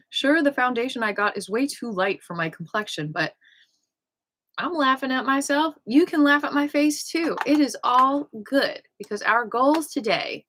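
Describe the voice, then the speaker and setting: Playful, bubbly woman leading a class. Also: a little high. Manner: playful, jokey, upbeat with soft whispered breathing cues. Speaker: qi gong instructor. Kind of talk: casual guided class.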